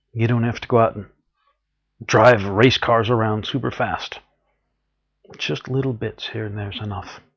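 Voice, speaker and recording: A man's voice: on the low side, slightly rough, dull audio. A man giving an earnest, encouraging spiritual talk, often acting out what people say. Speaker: spiritual teacher.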